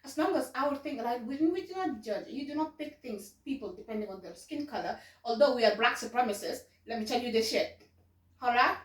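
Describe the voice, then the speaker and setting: A woman's voice: a little high, expressive, fairly quick, distant mic. A woman from Chad chatting casually with her friend, blunt and teasing as she backs her up. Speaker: friend of the vlogger. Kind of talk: casual chat. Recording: echoey room, set back from the mic.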